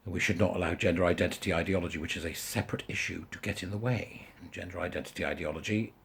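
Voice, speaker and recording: Bloke ranting on his vlog, really raspy voice, fed up and blunt. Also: low voice, steady tone, quick pace, fairly bright tone. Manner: exasperated, blunt, emphatic. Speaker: vlogger. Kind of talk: ranting casual monologue.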